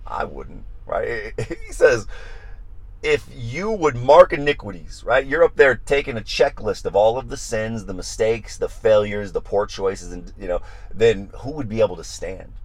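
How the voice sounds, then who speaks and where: A man preaching on a Bible study podcast, animated and emphatic, repeating phrases for emphasis and acting out prayers and their answers. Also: lowish voice, a little slow, slightly rough, no echo.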